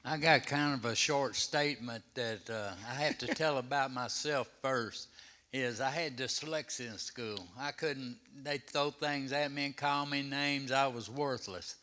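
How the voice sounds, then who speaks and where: A man's voice: medium pitch, measured pace, sharp tone. A man from the audience sharing a humble, heartfelt personal testimony in plain words. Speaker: audience member. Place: church sanctuary.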